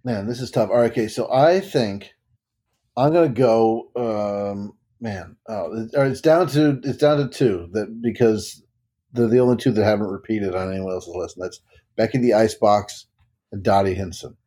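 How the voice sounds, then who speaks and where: Husky low-voiced man, hesitant. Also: moderate pace, dark tone. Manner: hesitant, thinking aloud. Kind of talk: casual chat.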